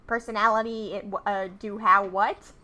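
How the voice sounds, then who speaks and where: A woman's voice: medium pitch, level tone, normal speed, pushed and bright, lightly acted. Skeletor, a cranky cartoon villain, put on by a woman. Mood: exasperated. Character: snarling cartoon villain Skeletor, male, hot-tempered. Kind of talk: casual podcast impression.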